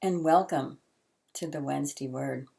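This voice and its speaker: A woman hosting a short show, reading a heartfelt story aloud in a soft, earnest way with drawn-out pauses. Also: low voice, vocal fry.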